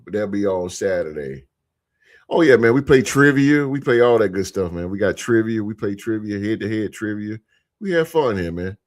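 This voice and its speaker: Laid-back man hosting a sports podcast. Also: on the low side. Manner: laid-back, repeats phrases, shouts out chat members. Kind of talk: casual live-stream chat.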